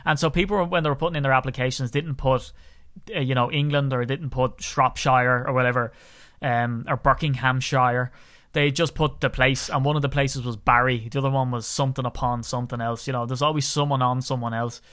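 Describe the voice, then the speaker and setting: A man's voice: medium pitch, fairly even intonation, a little fast, fairly bright tone. An Irish man hosting a podcast in casual chat, talking in a chatty, ranting way that gets worked up. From Ireland. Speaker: podcast host.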